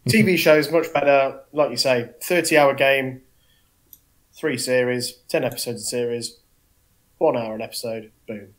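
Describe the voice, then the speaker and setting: A man's voice: mid-range voice, normal speed. A British man co-hosting a casual gaming podcast chat, telling stories emphatically with some swearing. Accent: British English. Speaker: podcast co-host.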